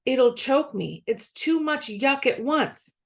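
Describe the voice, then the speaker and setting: A woman voicing a suspicious, indignant young boy in a storybook reading, with a high, strained voice. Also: animated, slow, vocal fry, heavily acted.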